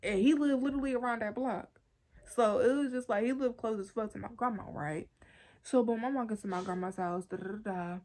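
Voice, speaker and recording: A young woman vlogger telling a storytime tale in animated, profane street slang while she smokes. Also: on the high side, fairly quick. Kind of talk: casual storytime vlog.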